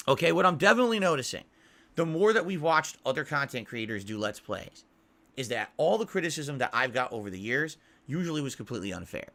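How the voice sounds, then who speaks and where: A man's voice: mid-range voice, sing-song, a little fast, a bit bright. A man ranting in a monologue as a YouTuber, exasperated, repeating himself and swearing.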